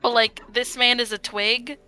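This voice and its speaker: Bright-voiced woman playing a tabletop game. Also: a little high, clear, resonant tone, dry recording. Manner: animated, laughing, quick asides. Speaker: player. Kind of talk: casual tabletop role-play.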